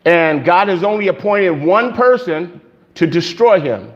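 A man's voice: high voice, expressive, measured pace, dull audio. A man preaching a sermon in a conversational way, checking in with the congregation with frequent "okay?". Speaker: pastor.

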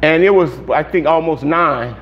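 A man's voice: a little high, moderate pace, dull audio, slight background noise. A man preaching a sermon as pastor, in a conversational way that restarts and repeats phrases.

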